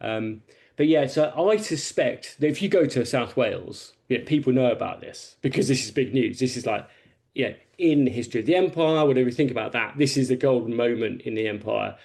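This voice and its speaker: A man's voice: mid-range voice, expressive, a little fast, creaky, darkish tone. A man on a podcast panel, telling a long film anecdote in a rambling, casual way.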